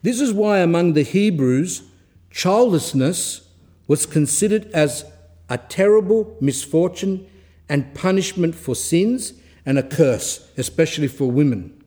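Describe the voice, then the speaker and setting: A man giving a religious talk, reading a saint's life aloud and explaining it in quick asides. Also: fairly high pitch, expressive, dark tone. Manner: reads passages slowly, then explains in quick asides. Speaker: Orthodox speaker giving a talk.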